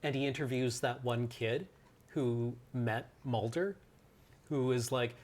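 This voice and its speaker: A man's voice: medium pitch, slow, darkish tone. A man on a hobby stream telling a rambling anecdote and searching for words as he goes. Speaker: stream co-host. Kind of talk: casual anecdote.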